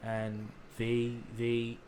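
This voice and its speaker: A man's voice: medium pitch, completely flat delivery, very slow, a little mellow, slight background noise. A man speaking earnestly as a panelist, repeating words as he searches for them. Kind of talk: panel discussion.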